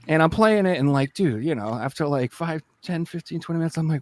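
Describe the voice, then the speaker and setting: A man on a podcast, chatting casually and acting out lively voices as he tells a story. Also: a little high, a little fast, hardly any pauses. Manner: animated storyteller, acts out voices. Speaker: podcast co-host. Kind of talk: casual chat.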